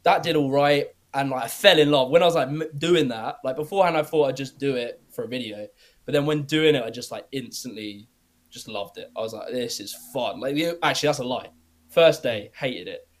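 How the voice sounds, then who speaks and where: A young British man chatting casually as a podcast guest, rambling, filling every pause with "like" and swearing easily. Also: mid-range voice. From Britain. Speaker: guest YouTuber.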